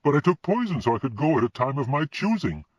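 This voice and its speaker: A proud, distraught woman with a sharp tongue, as a male reader puts her on. The voice is pitched high, lively and emphatic, a little husky. It is heard on a dull, lo-fi recording. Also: fast, dry recording. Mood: pleading. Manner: raised pitch, emphatic and indignant.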